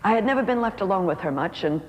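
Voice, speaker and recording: A speaker telling a personal story in a sermon, slowing down and softening for emphasis. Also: mid-range voice, animated. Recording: reverberant hall with faint noise.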